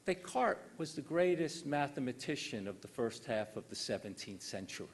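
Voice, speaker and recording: Older male lecturer, animated pitch, dry wit, formal and measured delivery. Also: slight background noise. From United States. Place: lecture hall.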